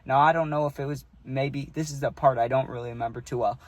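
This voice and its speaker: A man's voice: medium pitch, fairly even intonation, fast talker. A young man telling a childhood story casually, rambling and tagging lines with "right?" and "dude".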